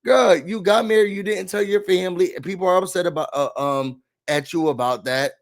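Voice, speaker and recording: Animated man ranting through a recap. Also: sits high, brisk. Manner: animated, dramatic, slangy asides. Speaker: reality TV recap host. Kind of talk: casual recap rant.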